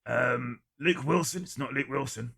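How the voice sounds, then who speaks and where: A man hosting a live-stream guessing game, reading out viewers' guesses one by one with dry, deadpan jokes. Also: medium pitch, moderate pace, vocal fry, husky. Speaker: livestream quiz host.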